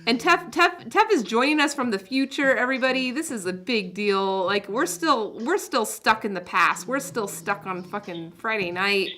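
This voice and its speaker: A woman's voice: fairly high pitch, animated, normal speed, hardly any pauses, bright, forceful tone. A woman hosting a livestream in casual chat, giggly and playfully teasing. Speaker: livestream host.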